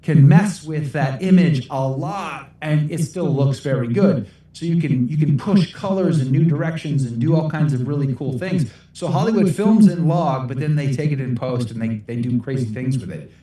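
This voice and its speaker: A man's voice: a little high, moderate pace, hardly any pauses, dark tone, heavy reverb, far from the mic. A middle-aged American man answering livestream questions in a rambling, self-deprecating way, laughing often. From United States. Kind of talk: casual livestream Q&A.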